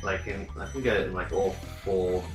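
A man's voice: low-pitched, steady tone, moderate pace. A man racing in a video game speedrun, chatting in a laid-back way with short, easy replies. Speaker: speedrun racer. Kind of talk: casual chat during a game. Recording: echoey room with faint music.

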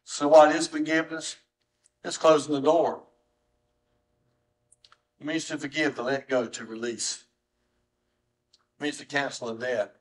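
Emotional pastor preaching. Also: male voice, steady tone, unhurried, long pauses, poor audio. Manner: emotional, swings from soft low tones to high strained cries. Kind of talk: sermon. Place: church sanctuary.

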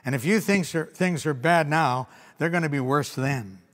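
A man preaching a sermon as pastor, leaning hard on key words and slowing down to read scripture. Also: fairly high pitch. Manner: emphatic preaching with slowed, stressed scripture readings. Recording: long hall reverb.

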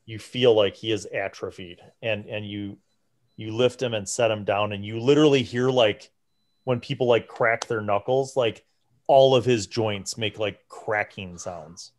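A man runs a tabletop game, describing scenes slowly and loosely with a lowish voice. He often restarts his sentences and pads them with fillers. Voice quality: many fillers and restarts, easygoing. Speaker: game master.

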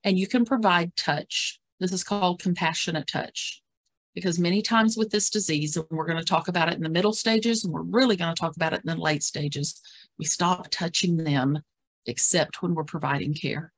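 Calm, low-voiced woman teaching caregivers. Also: moderate pace, no room sound. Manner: calm, instructive, steady explanations. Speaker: dementia care educator. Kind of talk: educational webinar presentation.

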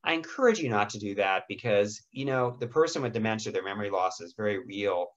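A middle-aged man with a raspy voice giving a lecture on caring for people with dementia, gentle and often clearing his throat. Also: lowish voice, expressive, fast talker, highs cut off. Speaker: dementia care educator. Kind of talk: lecture presentation with slides.

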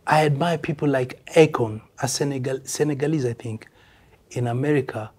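A man's voice: mid-range voice, normal speed, a little mellow, husky. An older man with a Kenyan accent, a veteran musician speaking bluntly and emphatically in a casual interview, dropping in Swahili phrases.

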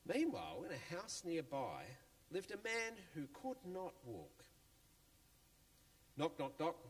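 A man tells a children's Bible story in church in a playful, chatty, animated way. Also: on the high side, takes it slowly. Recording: long church reverb, faint music.

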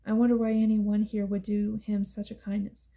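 A woman reading a hushed brooding young man. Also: monotone, moderate pace, muffled recording, lightly acted. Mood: soft, wry. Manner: soft, hushed and low-key. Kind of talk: audiobook character voice.

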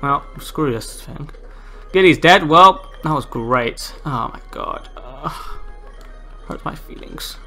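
A young man commentating his own gameplay, exasperated, swearing, and breaking into shouts and laughs at his losses. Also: a little high, lively intonation, slow, soft background music.

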